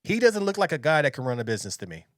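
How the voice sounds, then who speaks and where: A man's voice: a little high, big pitch swings, rapid-fire, dry recording, clean studio sound. Blunt opinionated man commenting. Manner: blunt, opinionated, repeats himself. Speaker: reaction channel host. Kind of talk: casual commentary.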